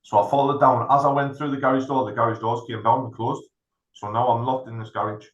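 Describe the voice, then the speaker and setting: A middle-aged podcast co-host spins a lengthy story in casual fashion, speaking fast at a typical male pitch. He performs other people's lines with animation, and the lo-fi sound carries a roomy echo.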